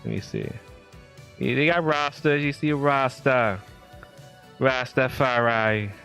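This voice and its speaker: A man's voice: medium pitch, expressive, a little slow, vocal fry, a bit bright, soft background music. A man hosting a casual late-night livestream, talking in a laid-back, slangy way and laughing often. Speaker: livestream host.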